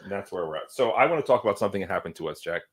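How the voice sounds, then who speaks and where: A man with a fairly low voice talks loosely as co-host and producer of a casual chat show. He rambles from point to point and keeps stopping to clear his throat. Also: animated, rapid-fire.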